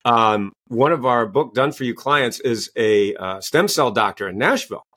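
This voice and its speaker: A man's voice: mid-range voice, animated, normal speed, fairly bright tone. A man, a coach and author, answering interview questions with enthusiastic storytelling. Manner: enthusiastic, storytelling, acts out quoted voices. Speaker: guest, executive coach and author.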